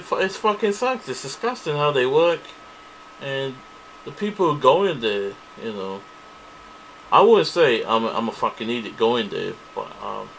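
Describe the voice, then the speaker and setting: A man's voice: mid-range voice, gravelly, slight background noise, rough recording. A man ranting angrily to camera, profane and repetitive, circling back to the same complaints. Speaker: vlogger. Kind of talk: angry ranting monologue to camera.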